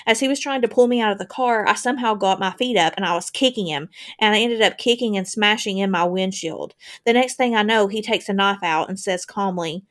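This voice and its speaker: A woman's voice: mid-range voice, a little fast, few pauses, fairly bright tone. Casual woman reading a crime case. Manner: casual, reads long first-person quotes with asides. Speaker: podcast co-host.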